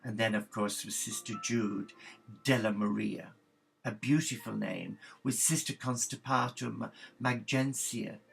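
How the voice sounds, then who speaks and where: A man's voice: fairly low pitch, gravelly, fairly bright tone. A man performing a chatty, gossipy Irish woman who was a housekeeper and is now a nun, telling a comic story with gasps and exclamations. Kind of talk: comic monologue in character.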